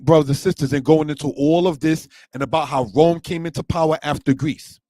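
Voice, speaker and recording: A man's voice: fairly high pitch, steady tone, fairly quick, warm tone, no echo. A man teaching a scripture lesson, often calling his listeners brothers and sisters, who reads passages aloud and comments on them. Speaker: Torah teacher.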